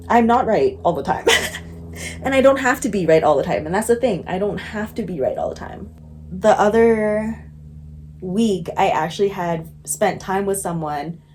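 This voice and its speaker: A woman's voice: mid-range voice, darkish tone. A young adult woman talking candidly to the camera in a casual vlog, often laughing, leaning on "like" and swearing casually. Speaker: vlogger. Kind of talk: casual reflective vlog talk.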